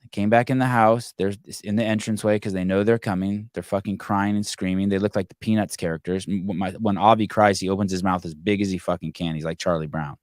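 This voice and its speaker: A man's voice: deep voice, fairly even intonation, fast talker, hardly any pauses, a little mellow, dry recording, clean studio sound. A man in his forties hosting a call-in podcast, telling blunt, profane stories in casual chat. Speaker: podcast host.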